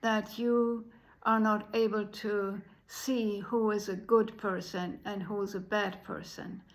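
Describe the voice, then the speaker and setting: A woman voicing a big, wise male wolf who gives calm, stern advice. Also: mid-range voice, takes it slowly, poor audio. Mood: earnest.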